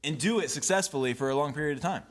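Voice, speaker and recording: A man's voice: fairly high pitch, very fast. A man co-hosting a podcast in casual chat, joking around and swearing freely. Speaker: podcast co-host.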